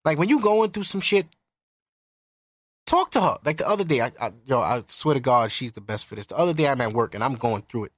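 A young man talking straight into the mic on his own podcast, swearing freely as he hands out earnest relationship advice. His voice sits at an average pitch for a man, and the sound is close and dry with no room echo. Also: very animated, a little fast. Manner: candid and profane, earnest advice. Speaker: podcast host. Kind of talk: casual podcast monologue.

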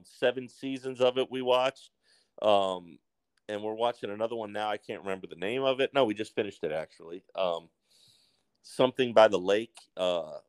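A man's voice: medium pitch, smooth, no room sound. A man from Maryland with an American accent, chatting easily as a guest actor on a podcast and sometimes trailing off while searching for words. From Maryland, USA. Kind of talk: casual podcast chat.

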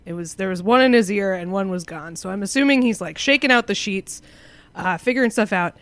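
Woman co-host from Massachusetts, rambling storyteller, dry studio sound, middling pitch. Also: a little fast, a bit bright, no echo. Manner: rambling storyteller, laughs often. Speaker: podcast co-host. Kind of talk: casual chat.

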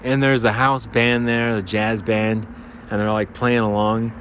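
A man's voice: on the low side, flat delivery, unhurried, fairly bright tone. Nasal man rambling outdoors by traffic. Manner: rambling, self-deprecating, jokey. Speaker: podcast host. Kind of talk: rambling casual monologue. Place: outdoors by a freeway. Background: traffic and motorcycles.

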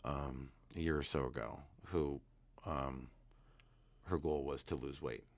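Man with a super deep voice, rambling through a client story, lots of um and you know. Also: unhurried. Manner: relaxed, rambling anecdote with fillers. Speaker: guest, hypnotherapist. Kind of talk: storytelling interview talk.

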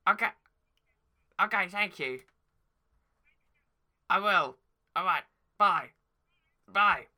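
A man's voice: sits high, expressive, takes it slowly, bright, forceful tone. A young man bantering bossily in an improvised comedy sketch, teasing his partner.

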